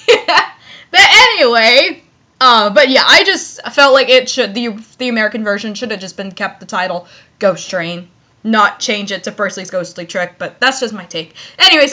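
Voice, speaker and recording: A woman's voice: fairly high pitch, pushed and bright. A young woman reading fanfiction aloud in a casual, rambling way, with lots of fillers and giggles between lines. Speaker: fanfiction reader.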